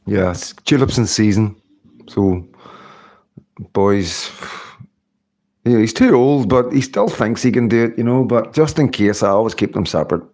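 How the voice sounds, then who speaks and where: A man's voice: fairly low pitch, expressive, measured pace, pauses often, a little mellow. A middle-aged man hosting a casual livestream, chatting in a rambling way and laughing often. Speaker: livestream host. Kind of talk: casual live-stream chat.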